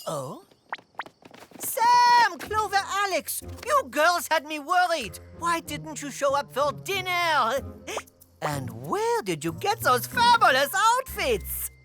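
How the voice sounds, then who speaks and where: A woman's voice: very high-pitched, very animated, slow pace, a bit bright, faint music behind, heavily acted. An actress voicing a fretful adult woman in charge of a group of students in a cartoon. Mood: concerned. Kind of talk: cartoon voice acting.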